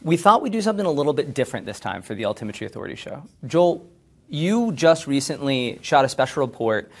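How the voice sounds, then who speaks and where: A man hosts a business interview, talking quickly in a brisk, conversational way. His pitch sits in an ordinary middle range, and he slips in casual fillers as he sets up the topic. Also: big pitch swings. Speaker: host, research director.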